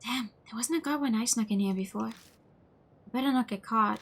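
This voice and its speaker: Woman voicing a schoolgirl, bold but nervous, hushed tone, horror game line. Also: fairly high pitch, moderate pace. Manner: hushed, worried.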